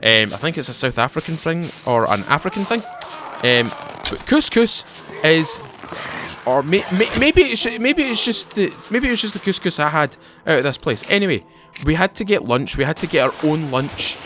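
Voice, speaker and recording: A young gaming YouTuber plays a survival game and tells a long, rambling story, animated and chatty, often interrupting himself with digressions and comments. His voice is on the high side, with background noise.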